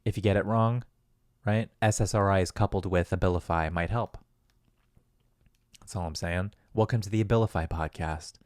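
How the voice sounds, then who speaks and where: A man's voice: low voice, fairly even intonation, normal speed, a little mellow, dry recording, studio quality. A man hosting a solo podcast, talking in a loose, rambling, profane and self-deprecating way. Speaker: podcast host. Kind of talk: casual solo podcast monologue.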